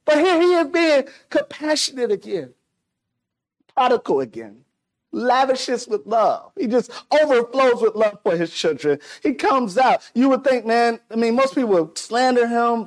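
A man preaching a sermon, animated, swinging between loud declarations and hushed asides, acting out the people in the story. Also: very high voice, unhurried. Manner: acts out quoted voices of people in the story.

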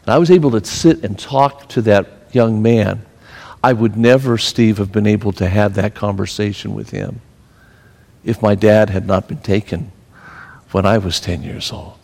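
A man's voice: on the low side, moderate pace, a little mellow. A man preaching a sermon as pastor, telling stories and rising to emphatic exhortation. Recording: long hall reverb.

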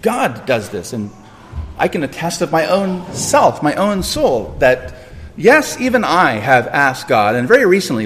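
High, lively preacher in echoing church. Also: male voice, measured pace, slight background noise. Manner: emphatic, repeats phrases, questions the congregation. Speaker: pastor. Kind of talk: sermon.

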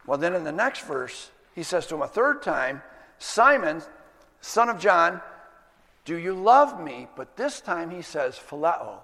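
A pastor giving an earnest sermon, stressing key words and slowing down to drive points home. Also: male voice, fairly high pitch, sing-song, sharp tone, big-room sound. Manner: earnest, emphatic teaching with slowed stresses.

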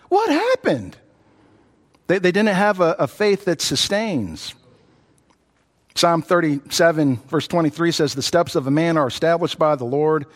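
Male pastor, high voice, earnest sermon, long hall reverb, repeats himself. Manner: earnest, repeats words, rises when voicing others.

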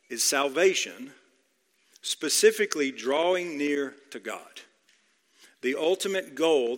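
A man's voice: a little high, sharp tone. A man preaching an expository sermon, emphatic, repeating key phrases and asking questions of his listeners. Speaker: pastor. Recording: long hall reverb.

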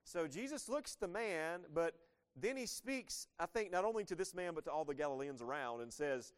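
A man's voice: a little high, animated, moderate pace, smooth. A man in his thirties preaching a sermon, talking conversationally and asking the listeners rhetorical questions. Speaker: pastor.

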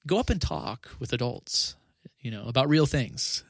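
Male pastor, podcast chat, gravelly voice, dry close sound, earnest, stop-start phrasing. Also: medium pitch, sing-song, normal speed, dry recording. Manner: earnest, with frequent restarts and 'you know'. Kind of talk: casual podcast conversation.

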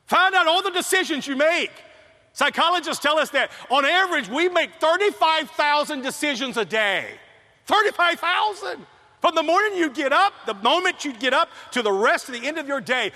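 A man's voice: extremely high pitch, sharp tone. A man preaching a sermon in an emphatic way, repeating key phrases and telling personal stories. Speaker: pastor. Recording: long reverb of a large hall.

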